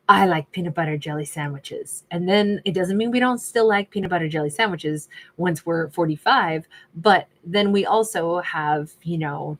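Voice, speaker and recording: A woman doing a casual tarot reading, chatty and sassy, laughing often and reading out viewer names. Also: lowish voice. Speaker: tarot reader.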